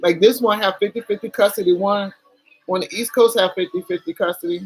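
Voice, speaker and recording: A woman's voice: mid-range voice, fairly even intonation, fairly quick, poor audio. A middle-aged woman talking candidly to her camera in a chatty, emotional vlog, swearing casually as she goes. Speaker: vlogger.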